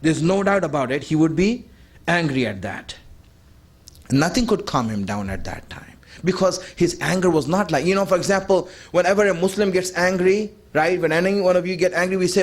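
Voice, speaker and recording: A man's voice: high-pitched, expressive, moderate pace. A man delivering a sermon, emphatic and conversational, repeating his key points and putting rhetorical questions to the audience. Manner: conversational, addresses the audience directly. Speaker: religious speaker.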